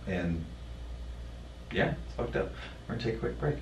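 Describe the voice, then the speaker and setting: A man telling a personal story in a podcast conversation, blunt and profane, halting with many fillers. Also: deep voice, lively intonation, darkish tone, slight background noise. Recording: roomy sound from a distant mic.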